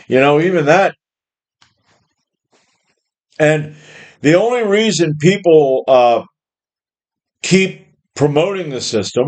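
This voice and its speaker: A middle-aged man with a fairly high but darkish voice rants angrily about his job and the system. As a worker venting about jobs, he rambles through a profane monologue.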